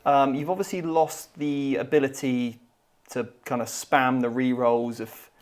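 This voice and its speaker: A man's voice: mid-range voice, steady tone, a little slow. A man hosting a livestream and chatting casually with upbeat banter. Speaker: host and player.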